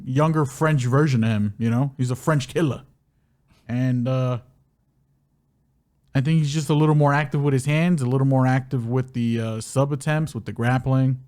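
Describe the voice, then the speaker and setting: A man's voice: medium pitch, fairly even intonation, normal speed, darkish tone. A man co-hosting a casual combat-sports betting podcast, loose and hedging with frequent "you know". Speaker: podcast co-host, betting analyst.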